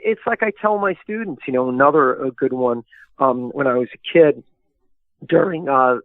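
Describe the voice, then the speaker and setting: A man's voice: a little high, no room sound. A man, a historian and author, telling long rambling anecdotes in a casual interview, full of fillers. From New York area. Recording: tinny phone-like line, dry.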